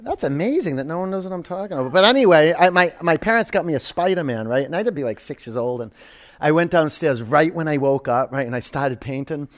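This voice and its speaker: A man's voice: fairly high pitch, expressive, fast talker. A man in his forties teaching a live yoga class, giving cues and counts with chatty, joking asides. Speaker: yoga instructor.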